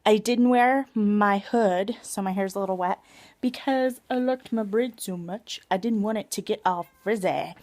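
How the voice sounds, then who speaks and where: A woman who lives in Seattle, chatting in a casual vlog recorded on a phone at home, animated, laughing often and acting out her own reactions. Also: mid-range voice, unhurried, no echo. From Seattle area. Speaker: vlogger. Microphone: phone camera.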